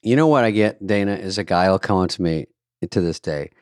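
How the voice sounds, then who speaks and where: On a dry close mic with no echo, a podcast co-host with a low voice talks a little fast. Chatting casually, he tells wry anecdotes, sarcastically imitates the people he quotes, and reads a host-read ad.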